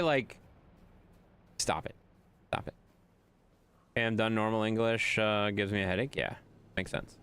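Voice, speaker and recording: A man's voice: low-pitched, normal speed, creaky, long pauses, fairly bright tone, a little hiss or hum. A man streaming a game live, chatting casually and teasingly scolding his chat while he plays. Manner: bantering, scolds and teases chat.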